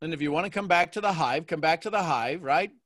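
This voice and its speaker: A man hosting a coaching call, talking in a playful, animated way and acting out little quotes. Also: fairly high pitch, quick pace, no echo, studio quality. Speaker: host and mentor.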